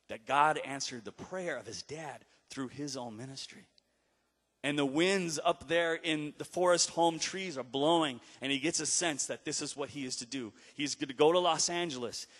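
A man preaching a sermon, telling a story with dramatic pauses and acted-out quotes. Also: medium pitch, a bit bright. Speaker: pastor. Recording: long hall reverb.

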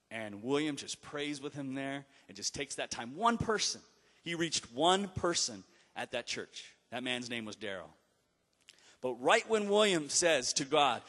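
A man preaching a storytelling sermon, swinging between emphatic exhortation and hushed retelling. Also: fairly high pitch, lively intonation, measured pace. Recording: long hall reverb.

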